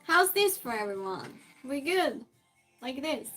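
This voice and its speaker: A woman with a high-pitched, sing-song and slightly bright voice speaks unhurriedly over soft background music, and the audio is poor. She chats casually with her live-stream viewers, reading and answering their messages while moving things around her small space.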